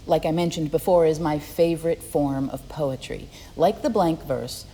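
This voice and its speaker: A woman with a low, deep voice narrates a scripted poetry lesson as the teacher, explaining each form in a clear, friendly way. Her voice-over carries a long reverb tail, with faint ambient noise underneath. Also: dark tone. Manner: clear, friendly explaining, reads rhythm examples aloud.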